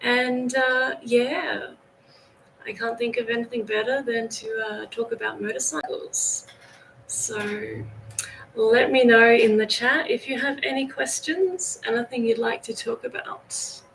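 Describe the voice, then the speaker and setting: Slow-talking Australian woman with gravelly voice. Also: a little high, slight background noise, rough recording. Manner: relaxed and chatty, greeting viewers by name. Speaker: livestream host. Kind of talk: casual livestream chat. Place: home in northern Thailand.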